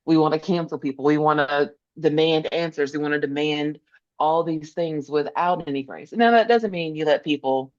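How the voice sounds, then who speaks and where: Heard with the highs cut off, a woman's low-pitched voice moves at a moderate pace. The social worker is interviewed conversationally as a podcast guest, and she stresses her points emphatically and earnestly by repeating phrases.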